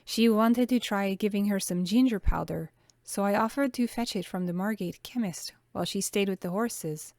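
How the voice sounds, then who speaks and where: A woman voicing a young maid with a put-on French accent, speaking softly and hesitantly, partly in a whisper. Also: mid-range voice, normal speed, dry recording, clean studio sound, close to an everyday voice. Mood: sheepish.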